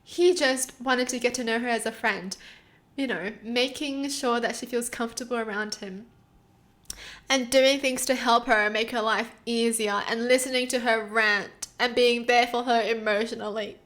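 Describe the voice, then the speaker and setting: Expressive, fairly high-voiced woman commentator. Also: moderate pace. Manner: expressive and emotional, exclaiming and laughing in reaction. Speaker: channel host reading and reacting to online posts. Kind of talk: casual commentary reacting to read-out stories.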